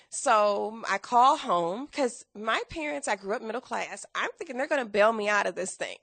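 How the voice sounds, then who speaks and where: A woman in her thirties, a guest telling her story in a casual interview, animated and acting out quoted dialogue. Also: mid-range voice, normal speed, vocal fry, few pauses, no room sound.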